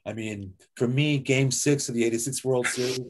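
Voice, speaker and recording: A man speaking as an author and guest speaker, telling lively personal anecdotes in a conversational way over slides, with many casual fillers. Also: medium pitch, normal speed. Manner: conversational, lively, with frequent "like" and "you know". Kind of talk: anecdotal storytelling talk with slides.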